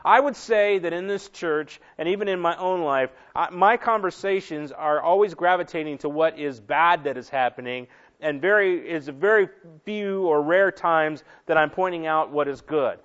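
Male pastor preaching, higher voice. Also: normal speed, a bit bright. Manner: conversational, repeats and restarts words. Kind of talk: sermon. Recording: dull lo-fi recording.

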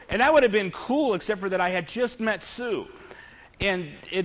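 A high-pitched, fairly bright male voice belongs to a middle-aged preacher mid-sermon. His storytelling to the congregation is humorous and confessional, and the audio is dull and lo-fi.

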